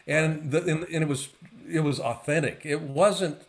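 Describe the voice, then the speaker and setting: A man's voice: a little high, moderate pace. Chatty male podcast host. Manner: chatty, laughs along, short agreeing replies. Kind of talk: podcast conversation.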